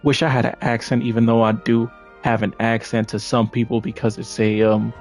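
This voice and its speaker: A man's voice: mid-range voice, little pitch movement, fairly quick, faint music behind. Rambling man with a New York accent. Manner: rambling, self-correcting, profane. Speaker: gaming streamer. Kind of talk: casual gameplay commentary.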